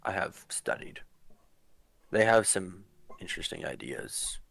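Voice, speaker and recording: A man's voice: low voice, big pitch swings, measured pace, gravelly, fairly bright tone, no echo, full character voice. A man voicing a wary, irritable hermit of the woods. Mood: dismissive.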